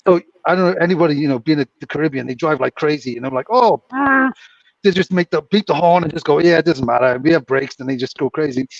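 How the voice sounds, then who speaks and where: A man's voice: on the high side, very fast, few pauses, darkish tone, no echo. A British man co-hosting a casual chat, telling rambling stories with frequent laughs. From Britain. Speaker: co-host. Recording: distant muffled mic.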